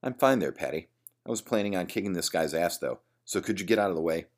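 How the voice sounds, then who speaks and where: A man's voice: deep voice, lively intonation, quick pace. A man playing a cocky young brawler. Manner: cocky, threatening. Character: tough young man spoiling for a fight.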